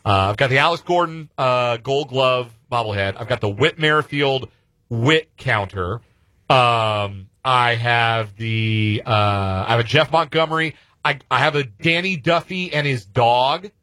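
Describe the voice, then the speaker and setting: A man's voice: medium pitch, measured pace, sharp tone, no echo. A man hosting a sports talk radio show, chatting casually and rambling a little, laughing easily.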